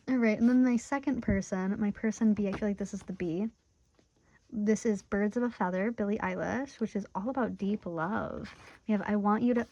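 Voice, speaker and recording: Young woman tarot reader, giggly and excitable, casual direct-to-viewer chat, slightly muffled home recording. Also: medium pitch, moderate pace. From Michigan, USA. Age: 20s. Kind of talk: casual tarot reading monologue.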